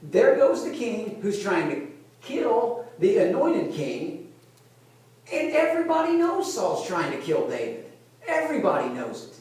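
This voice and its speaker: A male pastor preaching a conversational sermon, retelling a Bible story like a lively storyteller who keeps checking in with his listeners. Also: high voice, a little slow. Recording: very echoey room, voice from a distance.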